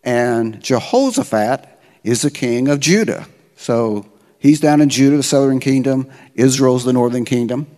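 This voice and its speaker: A man's voice: mid-range voice, expressive, measured pace, darkish tone. Middle-aged male pastor, mid-range voice, chatty and slangy as he retells a story, echoing through a church hall. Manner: casual, slangy retelling with frequent "okay?" check-ins. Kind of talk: conversational sermon storytelling. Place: church sanctuary. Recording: long church-hall reverb.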